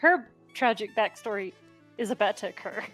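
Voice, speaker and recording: A woman's voice: mid-range voice, moderate pace, fairly bright tone, faint music behind. A woman streamer chatting casually about her tabletop character, acting out little quotes and laughing.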